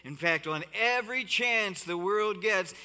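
A man preaching a sermon as pastor on a body mic, animated and given to asides to the congregation. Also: high-pitched, a little slow, long reverb tail. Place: church sanctuary. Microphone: body-worn mic.

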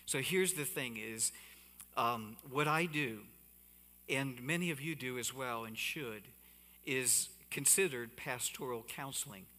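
A man preaching a sermon as pastor on a body mic, animated and given to asides to the congregation. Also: mid-range voice, measured pace, in a large hall. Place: church sanctuary. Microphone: body-worn mic.

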